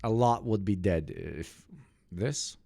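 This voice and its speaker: Low-voiced streamer. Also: male voice, slow pace, creaky, dark tone. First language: Serbo-Croatian. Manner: casual, profane, joking. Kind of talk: live stream reaction chat.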